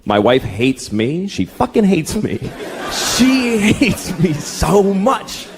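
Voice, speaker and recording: A man's voice: high-pitched, huge pitch swings, takes it slowly, gravelly, noisy background. A middle-aged man performing a stand-up comedy set, telling exasperated, profane stories with acted-out asides. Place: comedy club stage before a laughing crowd. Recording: echoey club recording, heard from a distance, with loud crowd laughter. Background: audience laughter.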